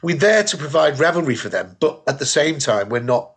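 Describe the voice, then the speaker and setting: A man's voice: a little high, animated, fairly quick, breathy edge. A middle-aged British man, a comedian co-hosting a podcast, chatting casually and telling anecdotes between laughs. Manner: storytelling, laughing often, restarts. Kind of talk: casual chat.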